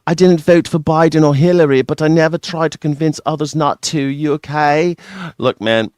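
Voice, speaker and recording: A man's voice: on the high side, fairly even intonation, moderate pace, darkish tone, clean tone, no echo. A man hosting a news reaction show, ranting in a sarcastic and profane way. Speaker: host.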